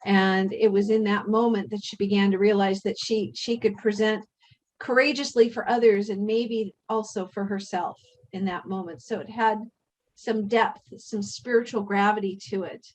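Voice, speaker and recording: A woman hosting a spiritual workshop, speaking in a measured, earnest way and drawing the group in with questions. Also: mid-range voice, fairly even intonation, slight background noise, low-quality recording. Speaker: workshop host. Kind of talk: reflective spiritual talk.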